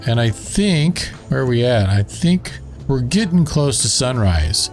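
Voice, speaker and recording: A man's voice: mid-range voice, sing-song, a little slow, darkish tone, soft background music. A man with a Southern drawl chatting casually as he plays and narrates a building game, thinking aloud as he works. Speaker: gaming channel host.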